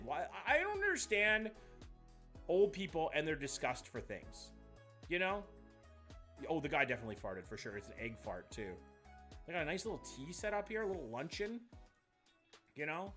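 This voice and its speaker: Animated man streaming live. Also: on the high side. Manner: animated, profane, jokey. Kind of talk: live-stream commentary, reacting and reading chat.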